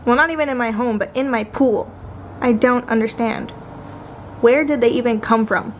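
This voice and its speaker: A woman's voice: a little high, moderate pace, slight background noise, low-quality recording. Chatty young woman vlogging at home. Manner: chatty, animated, swears casually. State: out of breath after a workout. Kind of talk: casual vlog chat.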